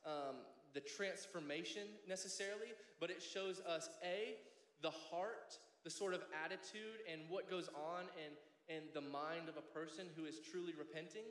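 A high-pitched male pastor in his thirties delivers a passionate sermon in a conversational way. He keeps pulling the congregation in with questions. His voice echoes through a large hall with a long reverb tail. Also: fairly bright tone. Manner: passionate, conversational preaching with frequent "right?".

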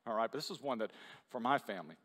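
A pastor races through a chatty sermon in a church hall, his mid-range voice animated and a bit bright against a big-room sound. He keeps asking the congregation questions in a conversational way.

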